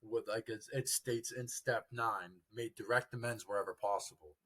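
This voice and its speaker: A young man, a podcast guest, telling his recovery story in an earnest, halting way. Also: lowish voice, fairly even intonation, fairly bright tone, slightly rough. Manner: earnest, halting, quotes family dialogue.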